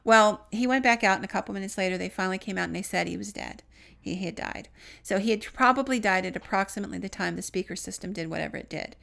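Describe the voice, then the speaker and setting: A woman co-hosting a podcast, earnestly retelling a paranormal story and trailing off softly on the grim details. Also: mid-range voice, quick pace, vocal fry. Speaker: podcast co-host.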